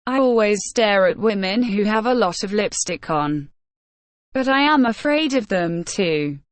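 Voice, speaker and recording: A woman's voice: mid-range voice, lively intonation, a little slow, dry recording. A woman reading a first-person story aloud at a careful pace meant for learners of English. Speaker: audiobook reader. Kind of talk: scripted first-person narration of a graded reader.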